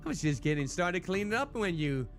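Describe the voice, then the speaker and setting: A man's voice: high-pitched, sing-song, fairly quick, faint music behind, voice pushed up. A man voicing a creepy, grinning male butcher innkeeper with a lisp, sly and overly cheerful, drawing out his words.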